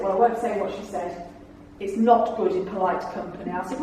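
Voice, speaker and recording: A woman's voice: medium pitch, moderate pace, darkish tone, slight background noise. A middle-aged woman telling funny stories to a club audience and acting out the dialogue in them. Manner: chatty storyteller, acts out the dialogue in her tales. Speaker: after-dinner speaker. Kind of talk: anecdotal talk to a club audience. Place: function room. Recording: very echoey room, speaker far from the mic.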